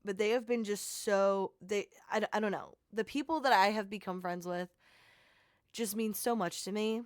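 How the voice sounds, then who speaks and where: A young woman talks straight to the camera in a casual vlog recap, gushing and rambling, filling her sentences with "like". Her pitch sits in a mid range, and the recording is dry and close with no room echo. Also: moderate pace. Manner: rambling, heavy use of "like", heartfelt and gushing. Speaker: content creator.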